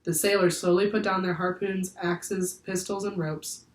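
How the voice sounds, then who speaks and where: A woman teacher reading a children's book aloud in clear, steady storytelling. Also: lowish voice, moderate pace. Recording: echoey room, far from the mic.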